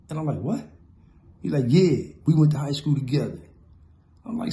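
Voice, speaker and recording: A middle-aged man from Compton telling street stories in a lively, casual way. He acts out the quotes and the punches with sound effects. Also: a little high, moderate pace, echoey room. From Compton, California. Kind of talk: casual storytelling.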